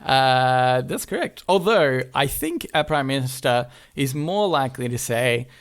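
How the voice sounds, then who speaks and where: A man with an Australian accent chats on a podcast, his voice sitting a bit high and bouncing around a lot. He laughs easily and jokes his way through the talk. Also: very animated, fairly bright tone. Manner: giggly, quick to laugh, joking. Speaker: podcast co-host. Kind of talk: casual podcast chat. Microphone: remote recording.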